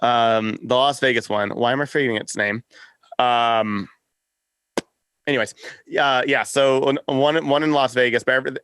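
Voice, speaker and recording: A man in casual interview chat tells stories with animated energy. He acts out what people said and laughs often, at a medium pitch. The recording is close and dry. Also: moderate pace, smooth, no room sound. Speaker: podcast network founder, guest.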